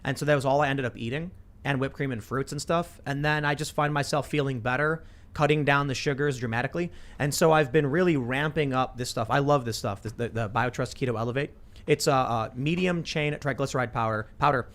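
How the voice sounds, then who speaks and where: A man hosts a studio talk show in a loose, rambling way, often restarting and repeating words. His voice sits at an everyday middle pitch. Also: a little fast, a bit bright. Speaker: show host. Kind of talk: casual political talk show banter. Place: podcast studio.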